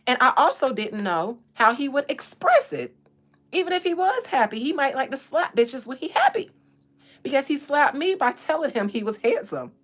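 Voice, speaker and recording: A woman hosting a casual livestream, telling stories in a candid, animated way with blunt language. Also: high voice. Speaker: real estate agent and livestream host.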